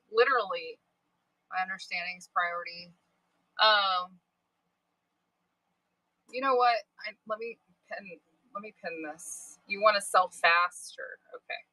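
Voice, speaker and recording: A woman's voice: a little high, sharp tone, no echo, poor audio. A young woman chatting casually and candidly as a livestream seller, swearing and wandering off topic.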